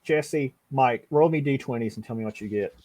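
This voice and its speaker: A man's voice: mid-range voice, normal speed, heavy background noise. A man running a live tabletop game as game master, talking casually with frequent restarts and the odd swear.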